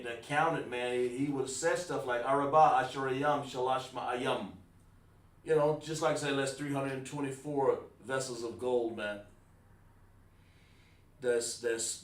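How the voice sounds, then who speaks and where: A man's voice: medium pitch, fairly bright tone. Distant, echoey male teacher's voice. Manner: informal, repeats phrases, says "man" often, chuckles. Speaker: teacher of a Hebrew counting class. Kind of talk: casual classroom teaching. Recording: roomy, distant mic.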